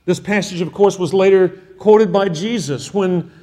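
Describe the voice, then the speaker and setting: Male preacher, high mellow voice, insistent repetition, sermon with long hall echo. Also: moderate pace. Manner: emphatic, repetitive exhortation.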